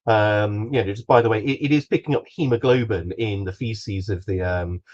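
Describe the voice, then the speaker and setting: A man with a fairly low voice explains technical details in a casual way, full of ums and dry asides. His audio sounds slightly dull and lo-fi. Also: moderate pace, darkish tone.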